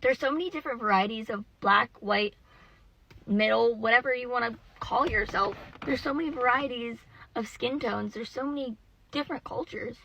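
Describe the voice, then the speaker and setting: A woman's voice: on the high side, normal speed, vocal fry, sharp tone, rough recording. A woman giving blunt, rambling opinions in casual chat, with lots of fillers.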